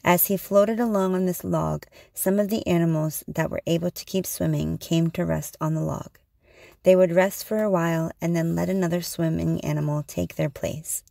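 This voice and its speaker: A woman reading a storybook aloud in a slow, measured way. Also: lowish voice, vocal fry, warm tone, dry recording, clean studio sound.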